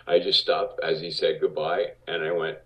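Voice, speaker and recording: A man from Cuba, a guest on an interview show, telling anecdotes in a lively way and acting out what people said. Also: sits low, moderate pace. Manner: animated, acts out quotes. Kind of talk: casual interview storytelling. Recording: distant, dull lo-fi audio.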